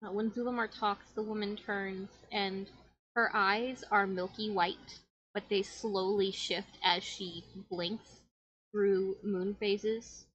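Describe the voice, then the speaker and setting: A woman narrating a tabletop role-playing game as game master, in a relaxed, descriptive, chatty way, on a dull lo-fi mic. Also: medium pitch, slow pace, slightly rough.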